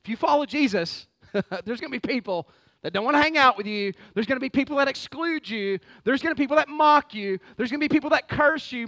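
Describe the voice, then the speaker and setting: A man preaching a lively, conversational sermon full of rhetorical questions. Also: extremely high pitch, quick pace, no echo. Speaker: pastor.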